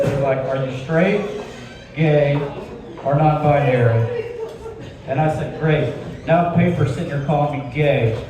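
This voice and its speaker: A man from Georgia performs a stand-up comedy set, telling self-deprecating stories in a relaxed, conversational way. His voice sits a little high for a man. He is heard from a distance in a very echoey club, with an audience audible around him. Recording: echoey club from far off, crowd.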